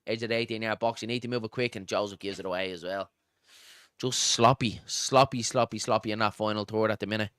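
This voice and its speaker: A low-pitched man calls a football match live for a fan stream, mixing play-by-play with jokes for his viewers. His voice comes through smooth and resonant, close and dry with no room sound. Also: steady tone, rapid-fire, few pauses, a bit bright, no echo. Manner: chatty, jokey, reads out viewer comments. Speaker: fan commentator on a watch-along stream. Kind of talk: live match commentary with chat reading.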